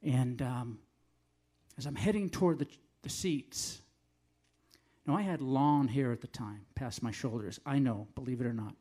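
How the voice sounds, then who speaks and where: An older singer-songwriter from the northern United States, with a warm, medium-pitched voice and a slightly slow delivery, tells rambling, self-deprecating stories between songs at a live café show.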